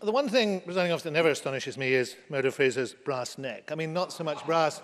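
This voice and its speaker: Forceful man in a reverberant chamber. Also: on the high side, animated, quick pace, few pauses. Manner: forceful, combative debating. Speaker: government minister. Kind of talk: parliamentary statement. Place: debating chamber.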